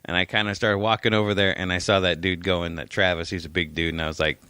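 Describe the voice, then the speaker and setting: A man's voice: deep voice, flat delivery, fast, sharp tone, clear, resonant tone, no echo. A man co-hosting a casual chat, full of crude, joking banter. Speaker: podcast co-host.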